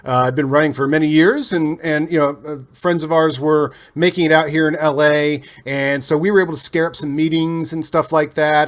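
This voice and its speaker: A man from Cincinnati, a guest on an interview show, telling stories in a loose, animated way with restarts and laughter. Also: fairly high pitch. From Cincinnati, USA. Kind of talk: casual storytelling interview.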